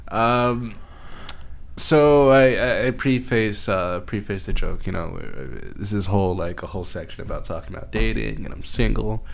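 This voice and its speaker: Gravelly, halting male comedian. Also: on the low side, expressive. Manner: halting, repeats his words. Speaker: stand-up comedian guest. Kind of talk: casual chat.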